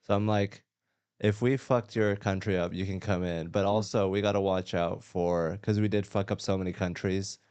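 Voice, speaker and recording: Low, smooth-voiced American man hosting. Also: fairly even intonation, normal speed, darkish tone. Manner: blunt, profane, joking. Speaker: podcast host. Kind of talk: casual comedic chat. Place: studio room. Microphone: studio mic with headphones.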